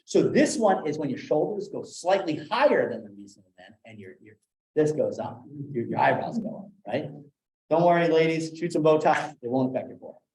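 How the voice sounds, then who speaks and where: A man running a live sales training session, animated, acting out different tones of voice as examples. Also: on the high side, fairly quick, slight background noise. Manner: animated, demonstrates tones with acted quotes. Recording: echoey room.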